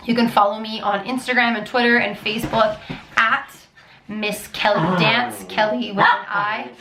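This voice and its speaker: A woman's voice: fairly high pitch, steady tone, moderate pace, noisy background. A dance teacher and choreographer in a casual Q&A vlog, chatting in a rambling way and restarting her sentences often. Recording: echoey room.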